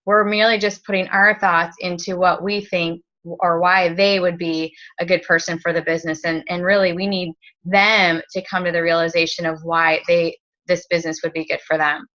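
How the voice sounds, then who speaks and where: A woman's voice: on the low side, level tone, normal speed, fairly bright tone. A woman in her thirties giving a casual training talk as a direct-sales team leader, rambling with lots of fillers and restarts. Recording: dull lo-fi recording.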